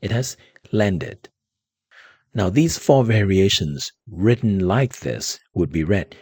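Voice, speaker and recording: A man teaching reading, slow and patient, saying each word twice. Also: lowish voice, animated, darkish tone, breathy edge, no room sound, studio quality. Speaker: language teacher. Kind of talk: recorded language lesson.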